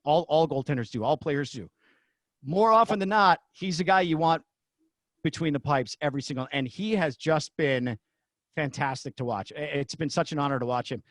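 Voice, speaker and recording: A middle-aged man, a former arena announcer, telling stories as a podcast guest in an excitable way. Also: on the high side, dry recording. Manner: excitable, acts out shouted quotes. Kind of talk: animated storytelling in a podcast interview.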